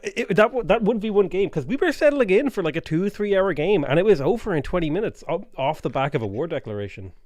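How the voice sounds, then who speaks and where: A man's voice: high voice, sing-song, quick pace, hardly any pauses, darkish tone, no room sound, studio quality. A man co-casting a strategy game tournament, chatty and self-deprecating, talking to the stream chat. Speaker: esports co-caster. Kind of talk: live game commentary.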